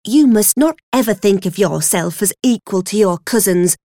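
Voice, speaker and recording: A woman's voice: medium pitch, lively intonation, normal speed, dark tone, no room sound, clean studio sound, lightly acted. A woman reading as a stern, harsh servant woman. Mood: scolding. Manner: harsh, moralising. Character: stern adult female servant scolding a child.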